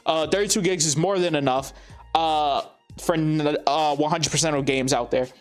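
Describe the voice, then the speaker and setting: Guy ranting mad, cussing a lot, kinda higher voice, light music behind. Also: steady tone. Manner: profane, heated, frequent filler pauses. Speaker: gaming commentator. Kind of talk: angry rant to camera.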